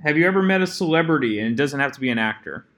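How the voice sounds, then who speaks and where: A man's voice: medium pitch, expressive, racing, a bit bright. A man hosting a podcast who asks his guest movie questions and answers with short agreeing replies. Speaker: podcast host. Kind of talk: casual interview chat.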